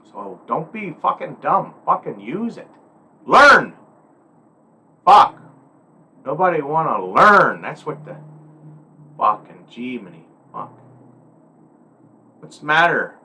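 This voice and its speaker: A hunting guide talking candidly to the camera in a blunt, rambling, profane way. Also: male voice, fairly high pitch, sing-song, unhurried, bright, forceful tone, slightly rough. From Alaska.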